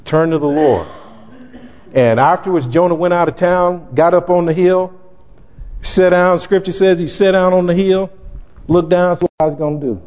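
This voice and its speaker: A man preaching a sermon as pastor, emphatic and sometimes shouting, acting out scripture in character voices. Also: high-pitched, steady tone, unhurried, pauses often. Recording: dull lo-fi recording in echoey hall.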